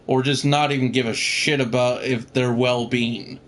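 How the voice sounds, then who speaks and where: A man's voice: mid-range voice, steady tone, moderate pace, fairly bright tone, slight background noise. A man giving casual, rambling gameplay commentary, swearing freely and laughing often. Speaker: gamer, channel host.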